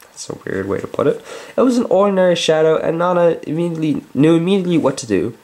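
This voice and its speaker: Sex: man. Role: reader. Style: casual storybook read-aloud with chatty, joking asides. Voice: lively pitch. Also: fast talker.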